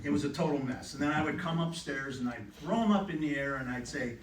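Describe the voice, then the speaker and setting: A middle-aged man giving a eulogy for his mother, telling stories with gentle humor. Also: fairly high pitch, quick pace, crowd noise. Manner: heartfelt, gently humorous storytelling. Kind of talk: memorial eulogy. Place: funeral home chapel. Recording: echoey room, distant mic, faint ambience.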